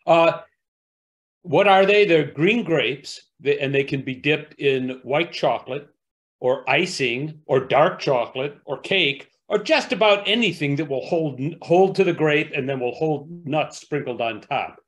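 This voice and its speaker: A man co-presenting a talk, explaining things in an easygoing, relaxed way. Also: fairly high pitch, a little slow. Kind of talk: casual talk.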